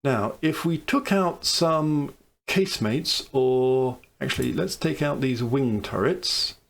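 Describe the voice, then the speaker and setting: A man's voice: medium pitch, lively intonation, takes it slowly, creaky, a bit bright. A man giving casual commentary on a strategy game he is playing, thinking aloud over each choice with dry, wry asides. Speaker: let's play commentator.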